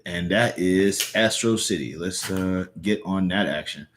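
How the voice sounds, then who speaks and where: A man's voice: sits low, measured pace, fairly bright tone. A young man chatting casually on a live stream, rambling with lots of fillers and restarts. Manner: rambling, filler-heavy, self-correcting. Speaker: livestreamer reading comics aloud. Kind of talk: casual live-stream chat and comic read-aloud.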